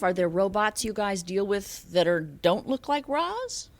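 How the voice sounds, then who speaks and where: A woman's voice: mid-range voice, sing-song, a little slow, hardly any pauses, over music. A woman hosting a children's book podcast, introducing readers and prompting kids with questions. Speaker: podcast host. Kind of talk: hosting a kids' book discussion.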